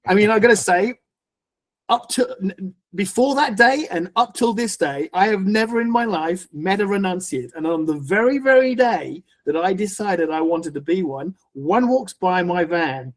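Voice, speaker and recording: A man as a podcast guest, telling a personal story in conversation in an animated way, with frequent restarts. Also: sits high, normal speed. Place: podcast recording.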